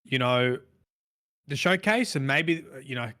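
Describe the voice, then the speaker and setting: A man's voice: medium pitch, expressive, unhurried, bright, forceful tone. A man co-hosting a gaming podcast, talking in a reflective, rambling way with frequent restarts. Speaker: podcast co-host. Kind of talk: casual podcast chat.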